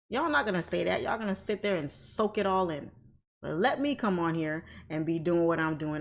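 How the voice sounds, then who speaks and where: A woman's voice: on the low side, animated, moderate pace, creaky. A woman hosting a casual livestream off camera, talking bluntly and outspokenly, often breaking into laughter. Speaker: livestream host, trading educator. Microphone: off camera, desk mic.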